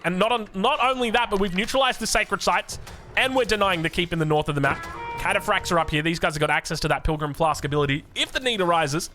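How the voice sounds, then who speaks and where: An Australian man giving energetic, jokey commentary on a strategy game match. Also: sits high, fast, soft background music. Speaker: game caster. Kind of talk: excited esports commentary.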